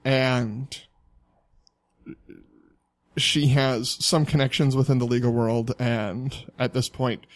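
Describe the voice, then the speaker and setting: A young man telling a college story in casual chat, animated and laughing often as he acts out quotes. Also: medium pitch, takes it slowly, long pauses, no room sound.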